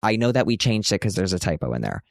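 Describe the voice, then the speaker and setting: A man's voice: low voice, big pitch swings, fast talker, creaky, dry recording, clean studio sound. A man in his thirties hosting a casual podcast from a hotel room, chatty and self-mocking, now and then jumping into a big dramatic announcer voice. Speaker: podcast host.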